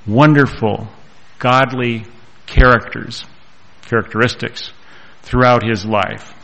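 A man preaching a sermon and reading scripture aloud, with slow, deliberate delivery and pauses. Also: medium pitch, a bit bright, rough recording.

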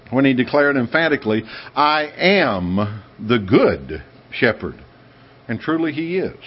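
A man from the United States preaching a sermon in an emphatic way, with sudden high, excited bursts. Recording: dull lo-fi sound.

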